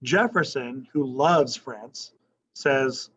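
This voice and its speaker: A man's voice: medium pitch, lively intonation, a little slow, a bit bright, husky, lo-fi sound. A male history teacher lecturing a class in a casual, conversational way, often checking in with "right?" and asking questions.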